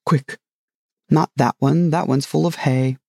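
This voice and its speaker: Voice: mid-range voice, steady tone, a little slow, vocal fry, a little mellow, dry recording, studio quality. A narrator voicing a nervous old king in a storybook reading, quavering and fussy.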